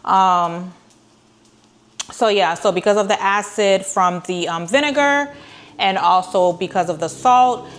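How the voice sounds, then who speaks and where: A woman's voice: mid-range voice, a little slow. Chatty woman hosting a cooking tutorial. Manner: chatty, rambling, many ums and restarts; mildly sarcastic asides. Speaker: cooking channel host.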